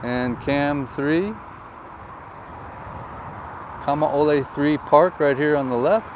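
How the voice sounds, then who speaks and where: Filmed on his phone while driving outdoors, a man who vlogs as a real estate agent offers chatty, joking tour commentary and tells anecdotes. His voice sits on the high side and he speaks a little slowly. Wind and traffic can be heard throughout the windy recording.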